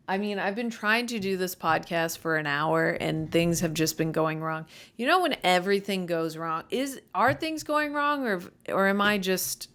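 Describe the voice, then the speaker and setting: This young woman comedian hosts her own podcast, and her voice sits on the low side with a fairly bright tone that sometimes cracks. She rambles casually, trips over her words, puts herself down, and gets irritated easily.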